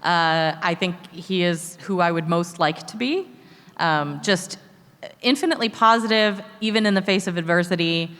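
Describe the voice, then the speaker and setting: A woman's voice: fairly low pitch, normal speed, fairly bright tone, big-room sound. A woman, a voice actor and dub director, answering thoughtfully and earnestly on a panel.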